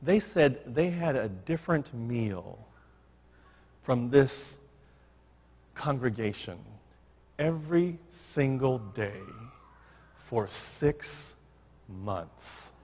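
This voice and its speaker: A man telling a story in a keynote address, acting out every line of dialogue. His voice is husky and sits fairly high, and his pitch swings widely. It echoes with a long reverb across a large hall. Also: very slow, long pauses. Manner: animated storyteller who acts out the dialogue. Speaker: keynote speaker.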